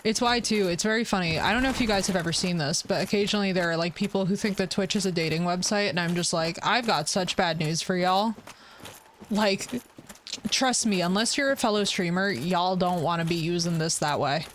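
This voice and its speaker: A woman's voice: lowish voice, fairly quick. Woman streamer, casual rambling chat, slangy and jokey, noisy background hiss. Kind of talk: casual chat while playing. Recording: noisy live stream audio.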